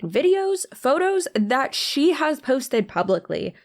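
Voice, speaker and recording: A woman's voice: sits high, big pitch swings, slow pace. A woman hosting a commentary video, talking to camera in a blunt, indignant, emphatic way.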